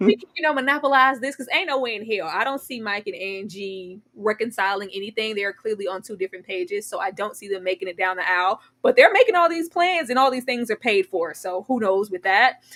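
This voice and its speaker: A woman co-hosting a casual TV recap chat, animated and sassy, often acting out characters' lines. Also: medium pitch, fairly quick, few pauses. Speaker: podcast co-host.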